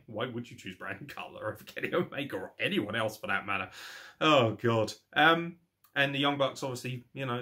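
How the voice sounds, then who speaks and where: A young man giving casual, sweary, sarcastic commentary as a wrestling reaction host. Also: mid-range voice. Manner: sweary, sarcastic, animated rants.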